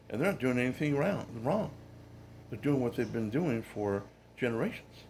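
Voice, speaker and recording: A man rants about politics in a loose, indignant way, circling back and restarting his sentences as he goes. His voice sits at an ordinary middle pitch. A faint background ambience hangs behind him. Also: darkish tone, a little hiss or hum. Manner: indignant, rambling, with frequent restarts. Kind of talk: casual political rant.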